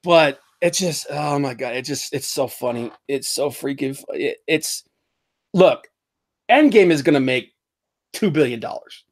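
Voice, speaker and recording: A man hosting a casual pop-culture podcast, rambling and animated, often laughing as he mocks what he talks about. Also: mid-range voice, unhurried. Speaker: podcast host.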